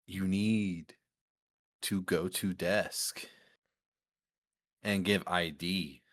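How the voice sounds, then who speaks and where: A man voicing a very drunk man who repeats himself insistently in slow, halting, broken phrasing. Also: deep voice, fairly even intonation, a bit bright, full character voice.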